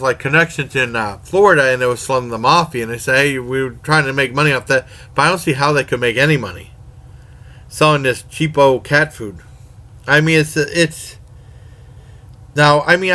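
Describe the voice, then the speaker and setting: A man reviews horror films in an easygoing, rambling way, stumbling over his words and filling pauses with fillers. His voice sits a little high and has a bright, forward edge. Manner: rambling, self-correcting, many fillers. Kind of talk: casual spoken movie review.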